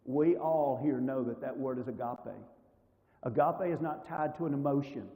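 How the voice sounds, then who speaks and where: A man's voice: mid-range voice, normal speed, dark tone, in a large hall, rough recording. A man teaching a church marriage seminar class in a conversational way, often asking the audience rhetorical questions. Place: church hall.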